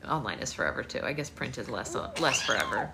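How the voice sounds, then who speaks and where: A woman hosting a livestream book club, reading a novel aloud and cooing softly to a baby between passages. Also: very deep voice, big pitch swings, fast. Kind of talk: casual livestream read-aloud and chat. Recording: loud background noise.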